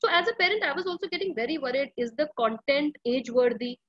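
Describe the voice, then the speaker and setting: A woman's voice: high voice, animated, fast, no echo, muffled recording. A woman speaking earnestly to parents at an online school workshop, often pleading and using many fillers. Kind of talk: parenting workshop talk over a video call.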